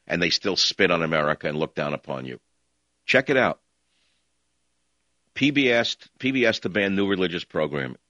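A man's voice: low voice, a bit bright, no room sound. A man hosting a call-in talk radio show, ranting in a combative, scornful way over dull lo-fi broadcast audio.

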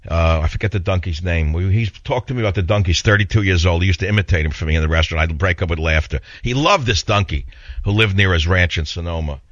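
A man's voice: deep voice, fast, fairly bright tone, no room sound. A man hosting a radio talk show, telling stories in a rambling, indignant way and taking calls. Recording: dull lo-fi radio broadcast.

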